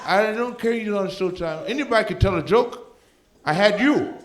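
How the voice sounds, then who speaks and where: A man voicing his tipsy, trash-talking middle-aged mother in a stand-up bit, loud and mocking. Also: medium pitch, normal speed, pitched above the performer's own voice, lightly acted. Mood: taunting. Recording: stage mic with laughing crowd.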